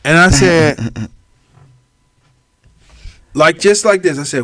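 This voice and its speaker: A podcast co-host with a higher-pitched voice speaks slowly, pausing often, on a dry recording. He tells stories in a casual chat, animatedly acting out the things people said to him.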